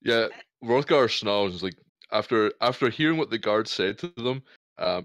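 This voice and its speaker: A man playing a tabletop game, making animated asides about his character. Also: fairly low pitch, moderate pace, no room sound. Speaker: player.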